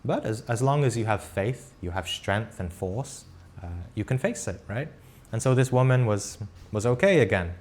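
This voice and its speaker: Male spiritual teacher, slightly low voice, earnest and halting as he tells a story to a live class. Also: expressive, a little mellow, slight background noise. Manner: unhurried and earnest, often checks in with "right?"; talks in short halting phrases with frequent restarts. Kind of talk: live class lecture, recounting an experience.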